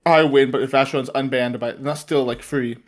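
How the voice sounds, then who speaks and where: A man from Canada co-hosting a podcast, talking in a rambling, animated way and swearing freely. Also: mid-range voice, normal speed. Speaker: podcast co-host. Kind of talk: casual chat.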